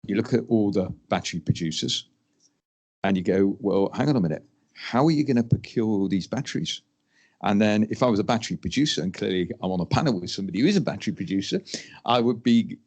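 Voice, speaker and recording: Measured man on a panel. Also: sits low. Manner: measured, emphatic, acts out quotes. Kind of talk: panel discussion.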